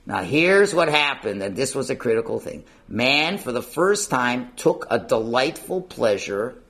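A man's voice: mid-range voice, big pitch swings, unhurried, a bit bright. A man teaching an informal religious lesson in a conversational way, asking rhetorical questions. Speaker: Torah teacher.

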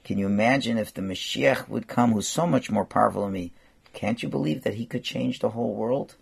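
Man telling it as gentle old rebbe, earnest, Yiddish mixed in, gravelly, husky. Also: lowish voice, a little fast, heavily acted. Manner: earnest questioning, mixing Yiddish with English. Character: gentle elderly male Hasidic rebbe, sweet and persuasive.

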